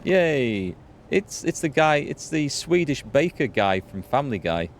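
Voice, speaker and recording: A man's voice: mid-range voice, very animated, measured pace, slight background noise. A man hosting a let's play, chatting and laughing through his commentary. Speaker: gaming video host.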